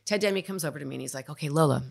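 Low, gravelly woman telling a story. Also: rapid-fire. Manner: animated, candid storyteller. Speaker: actor guest. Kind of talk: casual podcast storytelling.

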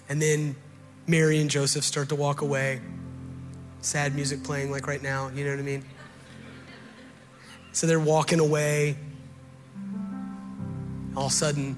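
A man's voice: on the high side, fairly even intonation, normal speed, long pauses, long reverb tail, faint music behind. A man pastor preaching a sermon, telling a story with humor and building to earnest appeals.

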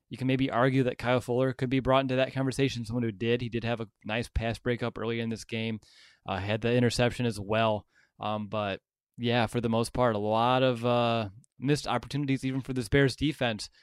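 A man's voice: medium pitch, smooth, dry recording, clean studio sound. A man hosting a sports podcast, leading the discussion and passing questions to his co-hosts. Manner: leads the talk, hands questions to co-hosts. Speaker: podcast host.

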